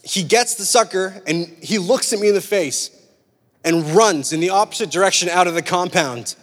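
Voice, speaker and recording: A young man preaching a sermon, mixing scripture with a casual personal story, animated and chatty with lots of "like" and "right?". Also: high voice, moderate pace. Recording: long hall reverb.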